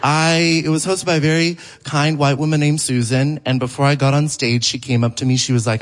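A man with a slightly high voice performs stand-up on a theater stage. He tells his stories with animated energy and laughs through his own punchlines. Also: brisk, hardly any pauses. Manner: animated storytelling that jumps high for quoted voices. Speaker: stand-up comedian. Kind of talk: live stand-up set. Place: theater stage before a live audience.

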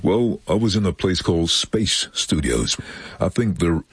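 A man, a voiceover artist, telling anecdotes in an interview, very deep and husky, animated as he acts out the people in his stories. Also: unhurried, dry recording. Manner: animated storyteller acting out quoted voices. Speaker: voiceover artist and former train driver.

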